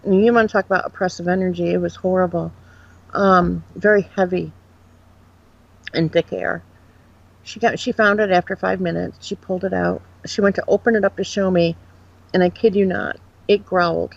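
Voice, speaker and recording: A woman's voice: on the low side, fairly even intonation, normal speed, vocal fry. A woman from Upstate New York, a guest psychic medium, rambling frankly and animatedly through her experiences in a casual interview. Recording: dull lo-fi sound.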